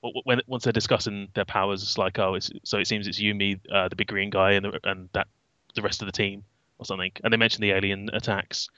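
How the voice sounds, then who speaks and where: British male co-host, low-ish bright voice, halting casual delivery, dry slightly muffled mic. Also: steady tone, dry recording. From Britain. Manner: stammering, many restarts and fillers. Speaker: podcast co-host. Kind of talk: casual chat.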